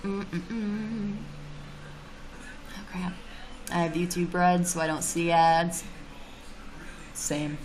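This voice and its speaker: A woman chatting on a livestream in a fairly low voice, blunt and animated, swearing freely as she vents. She sounds casual and unpolished. A faint background noise sits under her voice. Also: extremely slow, long pauses. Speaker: YouTuber streaming live. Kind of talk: casual livestream chat reading comments.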